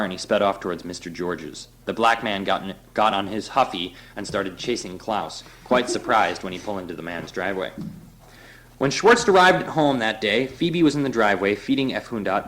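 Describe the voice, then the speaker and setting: A man's voice: fairly low pitch, animated, fairly quick, a bit bright, low-quality recording. A man reading a novel aloud to a group in a loose, laughing way, breaking off for offhand asides. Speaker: reader.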